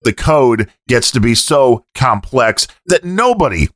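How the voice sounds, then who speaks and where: A man's voice: mid-range voice, sing-song, measured pace, no room sound, studio quality. A man co-hosting a podcast in casual chat, cracking jokes and jumping in with asides. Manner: wisecracking, jumps in with jokes and asides. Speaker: podcast co-host.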